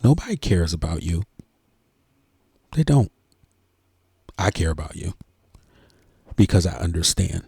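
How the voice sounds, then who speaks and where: A middle-aged church organist talking earnestly and emotionally to the camera, in a heartfelt, preachy way. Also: male voice, sits low, vocal fry, a little mellow, slightly rough, no echo, studio quality. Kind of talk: heartfelt casual talk to camera.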